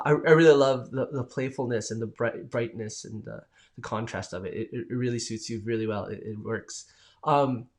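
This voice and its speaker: A man with a mid-range voice hosts a live stream in a casual, rambling chat, reading viewer comments aloud and answering them enthusiastically.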